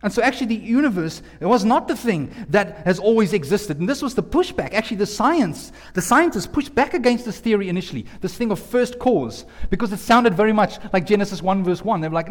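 High-voiced man preaching in a hall. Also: brisk, hardly any pauses. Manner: lively, jokey, talks directly to the audience. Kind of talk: sermon. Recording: long hall reverb.

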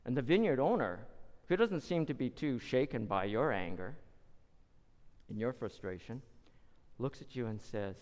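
A man's voice: medium pitch, expressive, moderate pace, long pauses, a little mellow, in a large hall. A man preaching a sermon, retelling a parable with dramatic, acted-out voices. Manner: dramatic storytelling, acting out voices.

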